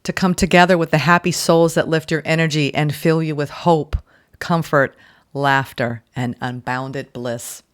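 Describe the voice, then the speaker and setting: A woman's voice: sits low, fairly even intonation, unhurried. Effusive woman giving a tarot reading. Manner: effusive, emotional, exclaiming and repeating phrases. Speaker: tarot reader. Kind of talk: casual tarot reading, reading card text aloud.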